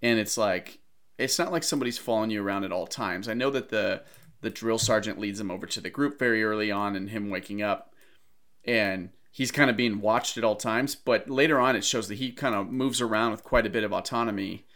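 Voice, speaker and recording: A man's voice: on the low side, brisk, fairly bright tone. A man co-hosting a podcast, casually talking through a film and picking apart its plot details. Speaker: podcast co-host. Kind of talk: casual movie discussion.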